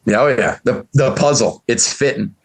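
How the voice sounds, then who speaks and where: A man's voice: medium pitch, normal speed, gravelly, husky. A man co-hosting a casual discussion, arguing his point emphatically. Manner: emphatic, argumentative. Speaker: podcast co-host.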